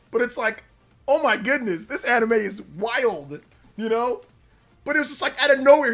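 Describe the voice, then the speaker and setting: A young male streamer chats casually with his viewers, laughing a lot and jumping into exaggerated high voices. His tone is bright and forward, pitched a little above the usual man. Quiet music plays underneath. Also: moderate pace. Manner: animated, laughs often, mimics characters in a high voice. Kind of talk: casual live-stream chat.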